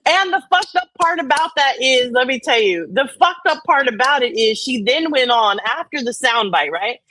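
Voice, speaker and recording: Bright teasing woman streamer. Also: high voice, animated, normal speed, low-quality recording. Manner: profane, teasing, rambling. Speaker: livestream host. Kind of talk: casual livestream chat.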